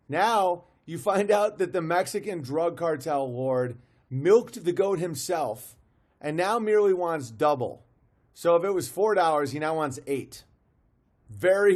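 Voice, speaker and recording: A man streaming live, commenting on a video with amused disbelief, often restarting his sentences. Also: a little high. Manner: amused, incredulous, restarts and laughs.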